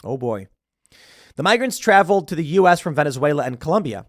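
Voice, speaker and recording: A man's voice: fairly high pitch, very animated, fast, dry recording, clean studio sound. A man hosting a political commentary show, reading headlines and reacting with emphatic, scornful remarks and some stumbles.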